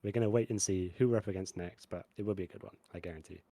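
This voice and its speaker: A man's voice: low voice, very fast, warm tone, dry recording. A man co-casting a live esports stream in an easygoing, hesitant way. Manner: easygoing, hesitant, filler-heavy. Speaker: esports co-caster.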